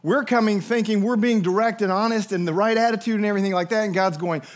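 High-voiced man preaching a lively sermon. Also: fast. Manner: animated preacher, acts out quoted voices, asks the listeners questions. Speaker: pastor.

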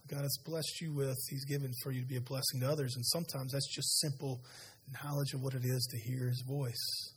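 A man preaching a sermon as pastor, retelling scripture with lively conversational asides to a church audience. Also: mid-range voice, a little fast, a little hiss or hum. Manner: animated storytelling, conversational asides. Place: church sanctuary.

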